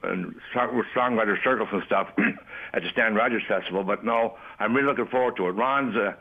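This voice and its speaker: A man's voice: fairly low pitch, fairly quick, breathy edge. An older man from Canada's Maritimes, a comedian telling folksy jokes and stories as a guest on a call-in interview. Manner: joking storyteller, folksy. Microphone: telephone. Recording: tinny phone line.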